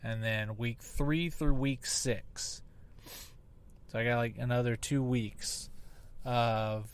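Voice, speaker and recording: A man's voice: mid-range voice, steady tone, takes it slowly, clean tone. A man in his thirties hosting a casual solo podcast, rambling and swearing while still recovering from surgery, talking straight into a laptop mic that sounds hot and poppy. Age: 30s. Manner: profane, rambling, self-deprecating. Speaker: podcast host. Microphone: laptop mic on a video call app, close and popping.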